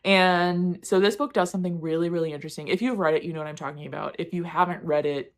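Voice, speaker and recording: A woman talks through the books she read this month in a loose, off-the-cuff style. Her voice sits a little on the low side, and she wanders between thoughts. She laughs at her own mistakes and swears offhandedly. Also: fairly even intonation, fast talker. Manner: candid, rambling, self-deprecating, swears casually. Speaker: book reviewer. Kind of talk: casual book wrap-up chat.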